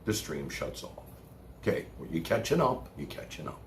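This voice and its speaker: Brooklyn man ranting loudly on a livestream. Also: rumbling low, very animated, normal speed. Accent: New York. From Brooklyn, New York. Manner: loud, swings from shouting to muttering, curses. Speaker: live streamer. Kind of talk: rambling livestream monologue. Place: home room, seated in chair. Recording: roomy echo, faint background noise.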